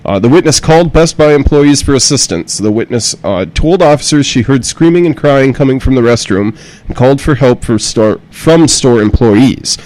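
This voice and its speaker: A man's voice: mid-range voice, lively intonation, moderate pace, darkish tone, low-quality recording. Laid-back man reading news with fillers. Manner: profane and joking, laughs often, reads with fillers. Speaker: podcast host. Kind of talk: casual podcast chat, reading a news story aloud.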